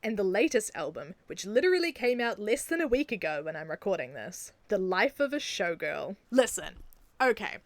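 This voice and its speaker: A young woman with a New Zealand accent, chatting excitedly in a casual video, gushing and often laughing. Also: mid-range voice, moderate pace, dry recording. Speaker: video creator. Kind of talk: casual enthusiastic video commentary.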